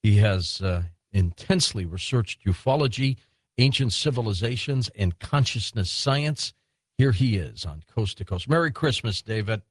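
A man's voice: fairly low pitch, lively intonation, normal speed, slightly rough, no room sound. A man hosting a late-night radio talk show, genial and chatty, laughing easily with his guests.

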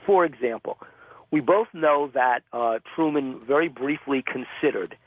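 A male interview guest, a magazine publisher, telling stories in an animated, vivid way over a phone-line call. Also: mid-range voice, unhurried, dry recording. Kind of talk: storytelling interview answers.

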